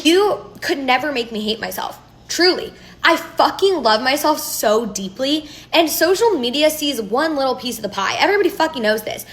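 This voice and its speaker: A woman's voice: high-pitched, slightly rough. A young woman ranting casually and brashly to camera, swearing often. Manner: brash and profane, frequently swearing. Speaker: TikTok creator. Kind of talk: casual selfie rant.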